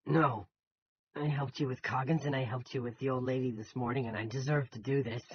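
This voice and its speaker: A man's voice: medium pitch, steady tone, fairly quick, highs cut off, a little hiss or hum, natural voice. A man voicing a defiant young adult son who talks insistently.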